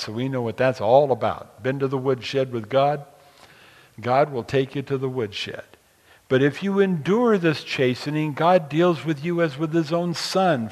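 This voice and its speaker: Man preaching in a reverberant hall. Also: medium pitch. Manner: swings between loud emphatic scripture reading and quiet pastoral asides. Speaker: pastor. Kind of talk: sermon.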